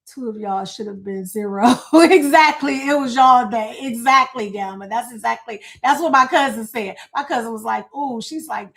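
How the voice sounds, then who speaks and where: A woman's voice: a little high, moderate pace, gravelly, hardly any pauses, fairly bright tone. A middle-aged woman hosting a casual livestream, chatting, reading viewer comments aloud and laughing often. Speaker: livestream host.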